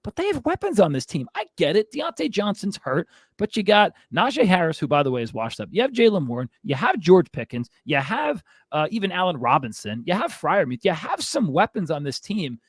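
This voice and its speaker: Heated male sports host, ranting to a co-host, slightly high-pitched, dry and close. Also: sing-song, brisk, husky, no room sound. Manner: fired-up, exasperated ranting with frequent asides. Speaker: fantasy football show host.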